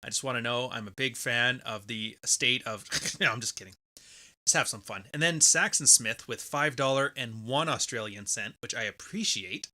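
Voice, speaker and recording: A man hosts a casual livestream, his voice bright and forceful on a close microphone. He rambles loosely as he works through viewer messages, with an everyday middle pitch. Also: moderate pace. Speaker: podcast host.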